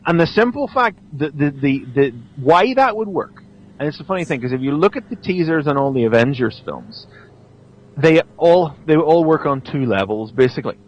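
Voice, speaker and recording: A man hosting a podcast, chatting casually and telling a scene with lively restarts. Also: fairly high pitch, moderate pace, lo-fi sound. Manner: animated storyteller, stammers and restarts. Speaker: podcast host. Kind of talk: casual chat.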